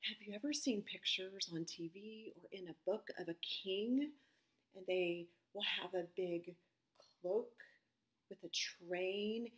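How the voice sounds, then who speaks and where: A woman leading a children's Bible devotion, reading and explaining expressively, dropping to soft whispers for emphasis. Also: medium pitch, slow.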